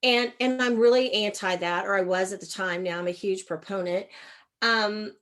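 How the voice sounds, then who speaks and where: A middle-aged woman, a leadership coach, telling a candid personal story in an interview, acting out quoted exchanges. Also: normal speed. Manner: animated, acts out quoted exchanges with shifts in pitch and loudness.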